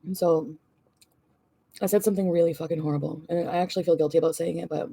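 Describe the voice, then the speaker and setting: A woman's voice: sits low, steady tone, fast, gravelly, warm tone, husky, dry recording. A woman vlogger venting and ranting, swearing often and rambling. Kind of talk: ranting vlog.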